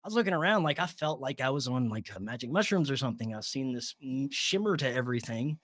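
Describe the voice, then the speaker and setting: A man guest on a podcast, telling a personal story in a casual, animated way, laughing often and filling with "like". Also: mid-range voice, fast, no room sound, studio quality.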